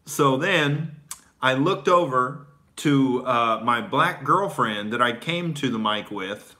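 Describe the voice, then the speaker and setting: Taking it slowly but animated, this Oklahoma comedian speaks in a mid-range voice that sounds pushed and bright. His casual talk is profane and filler-heavy, with laughs between thoughts and stories.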